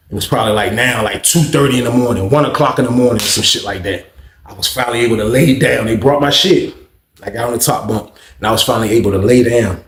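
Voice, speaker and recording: A man's voice: on the low side, a little hiss or hum. A man telling a story in casual talk, swearing constantly and acting out what other people said. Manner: animated, acts out the other people's lines. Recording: echoey room.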